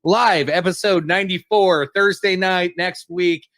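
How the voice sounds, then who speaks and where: A man hosting a podcast, wrapping up in a loose, halting way with casual swearing. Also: high-pitched, fairly even intonation, a bit bright, dry recording, studio quality. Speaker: podcast host.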